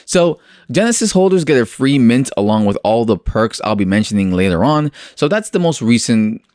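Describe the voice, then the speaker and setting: A man hosting an online crypto show talks in a loose, joking way, tossing in sarcastic asides and filler words between points. His voice sits at an ordinary middle pitch. The sound is close and dry, with no room around it. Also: very animated, moderate pace, a little mellow, no room sound. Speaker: crypto channel host. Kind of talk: casual commentary on a project.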